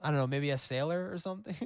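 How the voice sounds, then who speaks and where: A man's voice: a little high, quick pace, clear, resonant tone, dry recording, studio quality. A man giving casual gameplay commentary, crude and mocking, laughing often. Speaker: gaming commentator.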